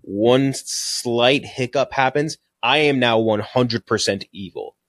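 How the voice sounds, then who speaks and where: Excitable young man in casual chat. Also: medium pitch, slow, no room sound. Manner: animated, swearing, mock voices. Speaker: podcast co-host.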